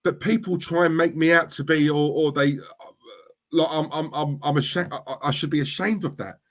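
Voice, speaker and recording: Fired-up guy on a stream, middle-aged, keeps going "yeah? right?", fairly high voice. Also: fairly even intonation, moderate pace, fairly bright tone. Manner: fired-up, repetitive, asks "yeah? right?" constantly. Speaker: streamer, football fan. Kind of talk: livestream rant reading chat.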